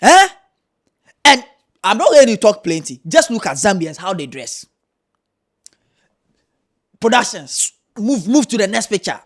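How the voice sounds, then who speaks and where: A man's voice: sits high, sing-song, measured pace, long pauses. A man with a Ghanaian accent giving a heated, mocking commentary rant, emphatic and repetitive. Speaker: commentary host.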